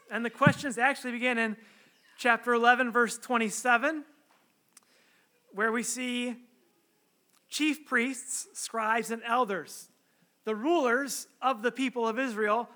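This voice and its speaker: A man's voice: very high voice, pushed and bright. A man preaching a sermon, reading scripture aloud, praying, then speaking in an earnest, conversational way with rhetorical questions. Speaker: pastor.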